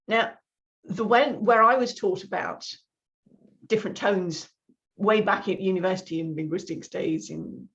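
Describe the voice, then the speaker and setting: A woman's voice: mid-range voice, creaky, lo-fi sound. A woman communication coach speaking as a guest in a conversational interview, explaining her points with frequent restarts.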